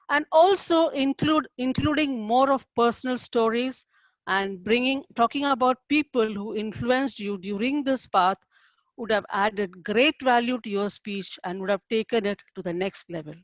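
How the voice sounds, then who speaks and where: Woman evaluator, measured and formal, fairly high voice, dull dry call audio. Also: no echo. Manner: measured, formal and encouraging feedback. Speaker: speech evaluator. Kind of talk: formal speech evaluation at a club meeting.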